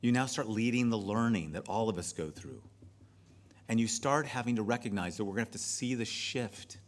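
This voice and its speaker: A middle-aged man, a pastor and leadership speaker, giving a seminar talk with lively storytelling and occasional drops to a soft, near-whispered delivery. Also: on the low side, fairly quick. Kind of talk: seminar talk with acted-out stories.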